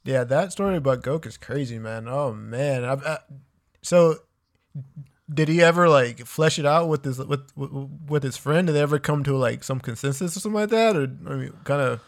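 A man's voice: medium pitch, moderate pace, no echo, studio quality. Man reacting with short interjections. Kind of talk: casual chat.

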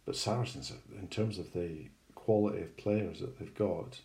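Casting note: middle-aged male podcast co-host, low gravelly voice, rambling and hesitant. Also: normal speed, mellow. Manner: rambling, hesitant with many ums. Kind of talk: casual chat.

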